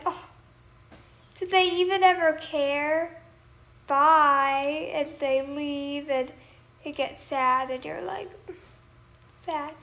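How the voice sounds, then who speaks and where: A woman's voice: sits high, a bit bright. A young woman singer chatting casually on a livestream, thanking viewers and now and then singing lines from her song. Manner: chatty, reads viewer comments aloud and thanks them.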